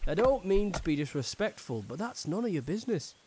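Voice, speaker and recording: A man's voice: sits high, sing-song, brisk, dark tone, slightly rough, exaggerated voice. A blunt Northern English woodcutter foreman. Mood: gruff. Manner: blunt, curt, dismissive. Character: gruff working-class woodcutter foreman, middle-aged.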